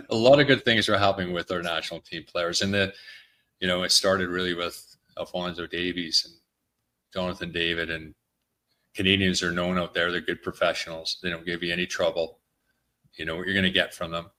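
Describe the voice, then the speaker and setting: A man on a sports podcast, giving measured and slightly hesitant analysis. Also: low-pitched, level tone, sharp tone. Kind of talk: casual sports podcast chat.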